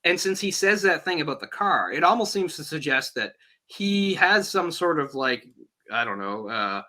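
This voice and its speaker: Podcast host, male, very bright edgy tone, lively and conversational. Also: a little high, moderate pace. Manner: animated, acts out quoted lines. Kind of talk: casual film discussion.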